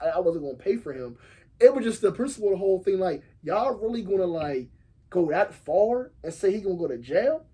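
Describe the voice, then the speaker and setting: A man's voice: sits high, slightly rough. A man guest on a podcast, telling a story in casual chat and acting out what other people said, swearing freely. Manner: animated, acts out quoted voices, swears freely.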